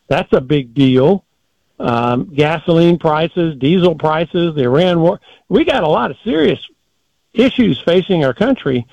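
An older man giving political commentary as a guest in a measured, folksy, deliberate way. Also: on the high side, a little mellow, no room sound, lo-fi sound.

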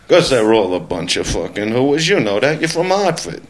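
A man doing a crude, brash stand-up routine with an excitable, punchy delivery. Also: medium pitch, normal speed, few pauses. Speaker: stand-up comedian.

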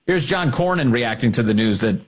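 A man's voice: medium pitch, lively intonation, a little fast. A male host delivering combative political commentary, emphatic and fond of repeating his points for effect.

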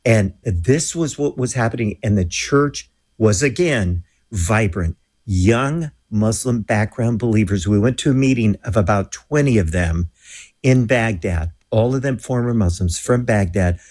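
A man with a husky, slightly low voice, speaking as a guest in an interview. He tells his story with energy and slips into the voices of the people he quotes. The telling is animated, with a lot of life in it. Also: a little slow.

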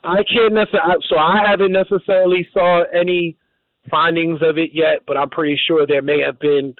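A man's voice: on the high side, little pitch movement, fairly quick, no echo. A man hosting a call-in radio show, taking calls and often stumbling and restarting over words. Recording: narrow phone-like radio audio.

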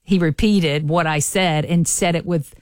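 A woman's voice: low voice, darkish tone, no room sound, clean studio sound. A woman from rural Alabama with a thick Southern country twang, co-hosting a radio show in folksy banter. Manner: folksy, quick to laugh. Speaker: radio co-host. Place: radio studio.

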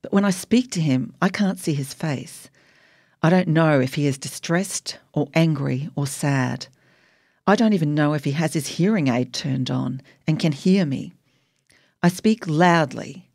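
A woman's voice: sits low, a little slow, a little mellow, no room sound, clean studio sound. A woman narrating her memoir in a wry, emotionally charged audiobook reading.

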